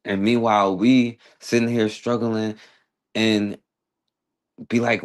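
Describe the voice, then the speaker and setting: Blunt, sarcastic man with a low voice. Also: level tone, slow, pauses often, clear, resonant tone. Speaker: talk radio host. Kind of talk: blunt social commentary.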